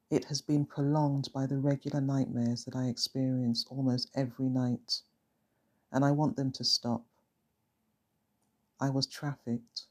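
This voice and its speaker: A frightened young woman pleads softly for help in a storybook, as a narrator puts her on. Her voice is slow and breathy, each sentence fading out. She sounds fragile and hurt. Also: mid-range voice. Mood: pained. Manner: soft, trailing, pleading.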